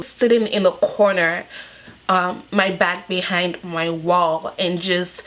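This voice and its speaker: A woman's voice: medium pitch, fairly even intonation, measured pace, a bit bright, poor audio. A young woman in her twenties from Nigeria, speaking candidly and emotionally in a personal vlog, with frequent fillers. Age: 20s. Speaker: vlogger.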